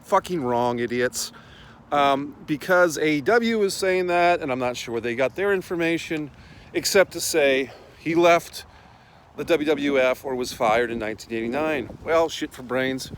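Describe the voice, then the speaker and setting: A man's voice: on the high side, moderate pace, slight background noise, low-quality recording. A middle-aged man hosting a casual, profane rant while walking outdoors. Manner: blunt, profane, rambling. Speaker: host.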